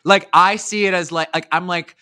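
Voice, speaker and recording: Male guest, emphatic, bright edge, stop-start delivery. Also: high voice, steady tone, moderate pace, clean tone. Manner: emphatic, restarts a lot. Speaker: podcast guest. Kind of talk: casual chat.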